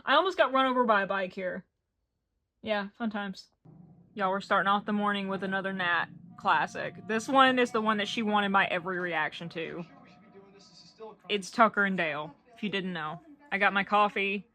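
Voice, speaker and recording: A young woman from Appalachia runs a reading vlog, chatting casually, gushing over books and putting herself down in a lighthearted way. She speaks at normal speed in a mid-range voice that's pushed and bright.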